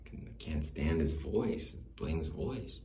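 A man's voice: extremely low pitch, animated, slow pace. A man hosting his own podcast alone in a small studio, rambling in a self-deprecating, wistful way. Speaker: podcast host. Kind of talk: rambling solo podcast monologue. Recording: roomy echo, faint background hiss.

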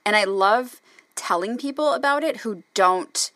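A woman's voice: medium pitch, animated, unhurried, a bit bright, no room sound, studio quality. Laughing Wisconsin woman, casual podcast chat. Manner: swears freely, laughs often. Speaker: podcast co-host, counselor.

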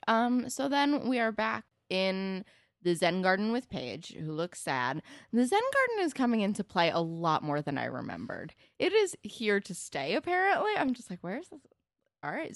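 A woman with a low, expressive voice chats through a TV episode as a podcast co-host. She slips into the characters' lines as she goes, her pitch swinging widely, and the recording is close and dry. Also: dry recording. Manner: lively, acts out characters' lines in quick asides. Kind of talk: casual chat recapping a TV episode.

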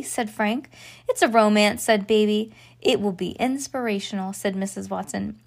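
A woman's voice: mid-range voice, moderate pace. A woman hosting a children's podcast, reading a storybook aloud with playful character voices and chatty asides.

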